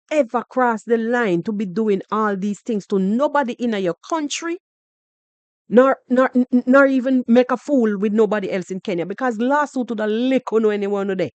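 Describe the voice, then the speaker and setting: Animated Jamaican woman, mocking commentary. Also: fairly high pitch, no room sound. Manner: animated, mocking, switching into patois, repeating words. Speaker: podcast host reacting to other creators. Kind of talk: heated reaction commentary.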